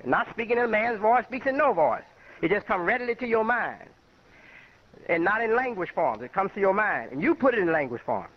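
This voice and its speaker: High-voiced older imam on muffled radio. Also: male voice, big pitch swings, a little fast. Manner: rambling, conversational, with personal anecdotes. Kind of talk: informal spoken lecture.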